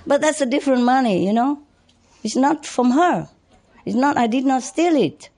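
An older woman whose first language is Vietnamese, a spiritual teacher telling life stories to followers in a chatty way, laughing often and pausing with many fillers. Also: high-pitched, lively intonation, darkish tone. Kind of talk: storytelling talk to followers.

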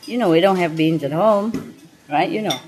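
Her voice is on the low side and her pace normal as this restaurant owner entertains guests at the table. She laughs often and cracks jokes in accented English with touches of French, while dishes clink in the busy room.

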